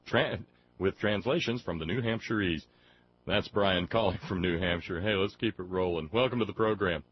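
A man's voice: low voice, moderate pace, slightly rough, highs cut off. A man hosting a call-in talk radio show, joking with callers in a folksy, jokey way.

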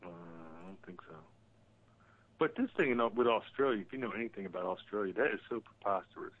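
A man calling in to a talk show, talking casually and haltingly about politics, often repeating words. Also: on the low side, lively intonation. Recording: tinny phone line.

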